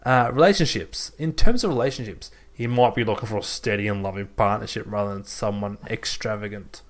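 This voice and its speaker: A man's voice: lowish voice, fairly quick. A man co-hosting a podcast, reading a list aloud in a mock-formal tone during a casual chat. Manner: reads out a list in a mock-formal tone, breaks into laughter. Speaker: podcast co-host.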